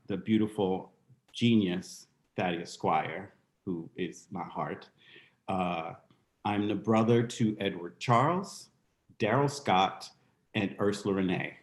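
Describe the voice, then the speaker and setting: A man in his fifties from the United States, introducing himself on a video call in a soft, halting, storytelling way. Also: on the low side. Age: 50s. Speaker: guest dancer. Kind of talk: casual video-call interview. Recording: roomy echo.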